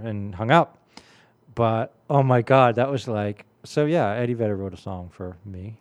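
A man's voice: lowish voice, measured pace. A man in his late forties hosting a radio music show, telling stories in a rambling, casual way full of fillers. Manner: rambling storyteller, many fillers.

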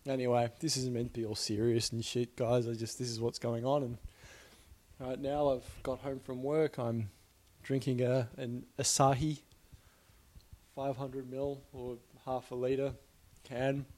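Man, casual rambling monologue, swears a lot, laughs often, mid-pitched voice. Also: flat delivery, measured pace, a little mellow. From Australia. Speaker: podcast host.

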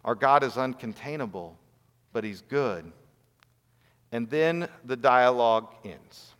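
A man's voice: mid-range voice, lively intonation, slow pace, fairly bright tone, clear, resonant tone. A man preaching a sermon in an earnest voice, building to rhetorical questions. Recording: long hall reverb.

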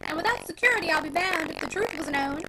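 Lady doing a bossy scolding aunt, decisive, gravelly touches, hissy. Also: high voice, wildly swooping pitch, fast, full character voice. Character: sharp, decisive older aunt, censorious woman. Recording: noisy home recording.

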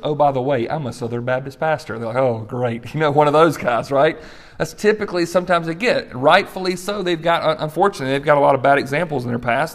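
A middle-aged man preaching a sermon as a pastor, conversational, with asides and light laughs. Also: mid-range voice.

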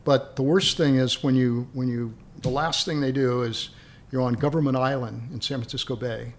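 A man's voice: medium pitch, fairly even intonation, normal speed. A man casually telling a long anecdote in a rambling way, often repeating words as he starts a thought. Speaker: guest storyteller.

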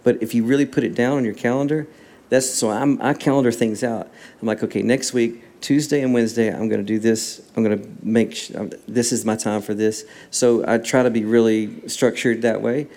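A man with a mid-range voice, talking a little fast, appears as a songwriter guest in a casual interview. He tells stories animatedly, acting out the dialogue.

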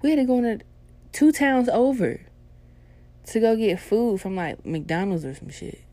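A woman's voice: on the high side, unhurried, mellow, dry recording. A young adult woman telling a personal story in a casual, laid-back and profane way.

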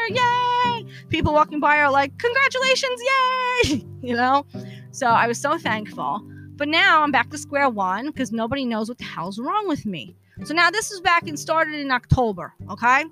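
High bright exasperated woman storyteller. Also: poor audio. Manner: blunt, exasperated, swears freely. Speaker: podcast host. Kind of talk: casual profane storytelling monologue.

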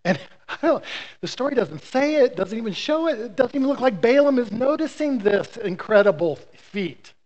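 A man preaching with lively, story-driven energy and playful asides to his congregation. His voice sits high for a man. The recording sounds dull and lo-fi. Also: moderate pace. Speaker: pastor. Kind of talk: sermon.

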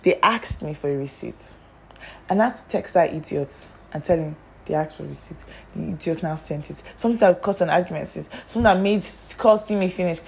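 A woman's voice: lowish voice, brisk, gravelly, a little hiss or hum. Chatty young woman telling stories. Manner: chatty, exasperated, addresses listener directly. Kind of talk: casual storytime monologue.

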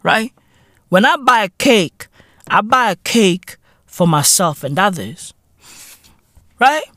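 A South African man hosting a podcast, delivering a profane, swaggering comedic rant that bursts into loud outcries. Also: high-pitched, very animated, slow, no echo, clean studio sound. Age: adult. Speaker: podcast host.

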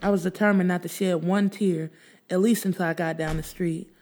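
A woman's voice: fairly low pitch, fairly even intonation, fairly quick, darkish tone. A woman narrating a dramatic first-person story in a blunt, profane, emotional way.

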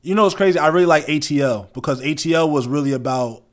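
A man's voice: fairly high pitch, fast. A young man hosting a podcast in casual chat, talking in loose, profane, slangy banter. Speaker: podcast host.

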